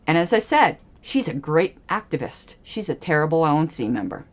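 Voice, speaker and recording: A woman's voice: low voice, sing-song, moderate pace. A woman hosting a livestream, giving angry, emphatic political commentary with pointed repetitions. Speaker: livestream host.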